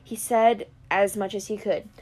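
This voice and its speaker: A woman narrating a first-person audiobook with steady storytelling. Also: medium pitch, a little slow. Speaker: audiobook reader.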